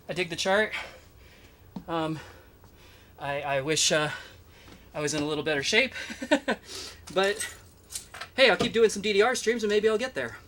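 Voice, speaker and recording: A man's voice: on the high side, sharp tone. A man streaming a dance game, chatting casually and laughing while he catches his breath. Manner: breathless, laughing, many fillers. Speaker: gaming streamer. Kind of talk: casual gameplay commentary.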